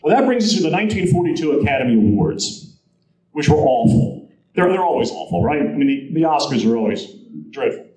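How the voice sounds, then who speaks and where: Storytelling male presenter, lively quotes, roomy hall sound, audience recording. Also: fairly high pitch, fairly quick. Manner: animated storyteller, acts out quotes. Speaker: guest speaker. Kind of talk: convention presentation, anecdotal storytelling. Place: convention hall. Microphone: handheld recorder in audience.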